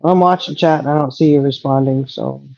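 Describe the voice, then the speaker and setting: Rambling middle-aged woman, mellow and dry. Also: a bass voice, a little fast, vocal fry, no room sound, muffled recording. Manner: rambling, chatty, trailing off. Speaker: livestream co-host. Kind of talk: casual chat.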